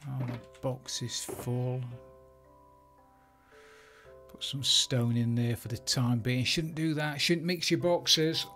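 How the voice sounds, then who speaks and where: A man's voice: medium pitch, steady tone, unhurried, a bit bright, faint music behind. A man giving casual gameplay commentary, chatting and thinking aloud as he builds. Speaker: Minecraft let's play creator.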